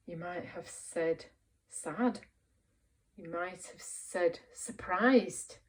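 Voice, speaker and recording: Woman teacher, children's lesson, slow careful pace, slightly distant mic. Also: fairly low pitch. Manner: slow, encouraging, asks questions and puts on voices for characters. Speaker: primary school teacher. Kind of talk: reading a picture book aloud to young children.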